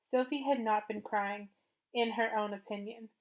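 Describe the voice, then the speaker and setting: A woman reading a children's novel aloud for a lesson, telling the story steadily and at an even pace. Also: a little high, moderate pace. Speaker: storybook reader.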